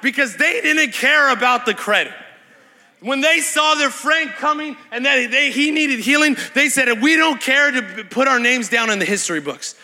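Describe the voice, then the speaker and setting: A young man preaching an energetic Pentecostal sermon with call-and-response, fast and excited, repeating words and shouting to the crowd in a large church hall. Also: very high voice. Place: large church hall at a live worship night. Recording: long hall reverb from a live event.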